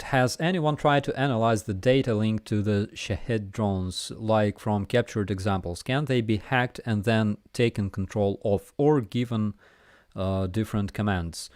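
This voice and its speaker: A man with a Ukrainian accent hosting a casual live Q&A and reading chat messages aloud, with a relaxed, hesitant manner and many fillers. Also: fairly low pitch, no room sound, studio quality. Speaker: livestream host answering chat.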